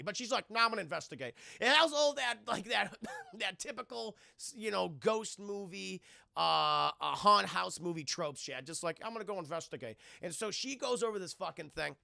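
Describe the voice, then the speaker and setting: A man's voice: high-pitched, big pitch swings, brisk, gravelly, pushed and bright, no echo, clean studio sound. A young man streaming a casual, profane film recap to his live chat, acting out the characters' lines as he goes. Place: home streaming setup.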